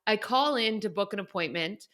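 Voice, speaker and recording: A young woman co-hosting a podcast tells a story casually and animatedly, quoting others and laughing a lot. She speaks at a normal speed in a medium-pitched voice.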